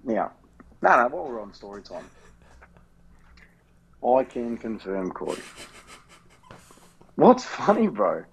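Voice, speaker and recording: A man's voice: mid-range voice, expressive, a little slow, gravelly, pauses often, a bit bright, lo-fi sound, slight background noise. An Australian man co-hosting a podcast in casual banter, rambling and swearing freely. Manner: rambling, swears freely, often says the co-host's name. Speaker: podcast co-host.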